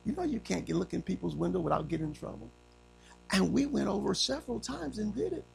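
A man preaching a sermon to fathers and families, swinging from low, quiet lines to raised cries. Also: animated, fast talker, vocal fry, poor audio. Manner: preaching with sweeping pitch swings, rising to cries. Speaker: pastor.

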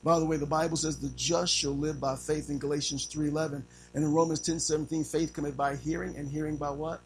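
A preacher, a man with a notably high-pitched voice, delivers a sermon. He is animated and theatrical, firing rhetorical questions at the congregation and slipping into little acted-out scenes. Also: fast talker, faint music behind, low-quality recording. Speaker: pastor.

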